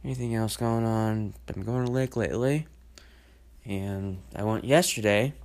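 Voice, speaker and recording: A man's voice: fairly low pitch, moderate pace, a little mellow. Man, solo podcast host, rambling, hesitant, emotional venting, lots of fillers.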